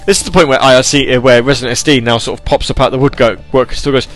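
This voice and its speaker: A man's voice: mid-range voice, fast talker, few pauses, fairly bright tone, faint music behind. A young British man presenting an internet radio show, chatting casually in a rambling, self-mocking way and sometimes putting on an announcer voice, his throat sore from it. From Britain. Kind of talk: casual live radio chat.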